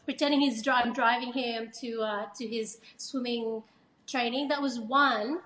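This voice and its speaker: A woman's voice: fairly high pitch, fairly even intonation, a little slow, a bit bright, reverberant, rough recording. A woman actor and mother talking casually about auditions, chatty with restarts. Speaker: actress and mother of a child actor. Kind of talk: casual podcast chat.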